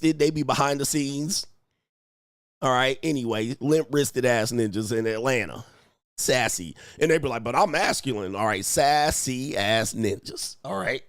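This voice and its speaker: Brash male coach on a livestream, lively swooping pitch, dry close sound. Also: no echo. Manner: brash, mocking, profane, often laughing. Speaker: dating and lifestyle coach, livestream host. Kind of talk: unscripted livestream commentary.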